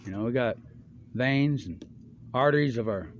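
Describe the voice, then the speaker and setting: A man's voice: mid-range voice, moderate pace, muffled recording, a little hiss or hum. Rambling, slangy middle-aged man. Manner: loose, slangy and profane, jumps between topics. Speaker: monologuist. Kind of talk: rambling stream-of-consciousness monologue.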